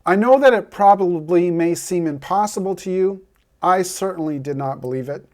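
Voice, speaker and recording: A man's voice: high voice, moderate pace, darkish tone. A man speaking straight to the viewer as a heartbreak coach, earnest and persuasive, giving a motivational talk. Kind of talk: direct-to-camera motivational talk.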